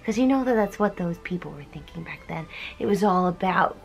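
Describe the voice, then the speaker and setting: A woman's voice: lowish voice, expressive, brisk, creaky, faint music behind, poor audio. A young woman, a bit tipsy, chatting sarcastically and jumping into silly voices as she retells a story. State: tipsy from drinking. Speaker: comedy vlogger.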